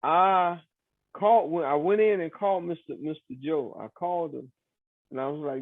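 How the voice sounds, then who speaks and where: A man, recounting his story in an interview, animated, acting out the voices of other people. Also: a little high, normal speed, dry recording. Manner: animated, acts out quoted voices, many fillers. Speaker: exoneree interviewee. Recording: tinny phone-like sound.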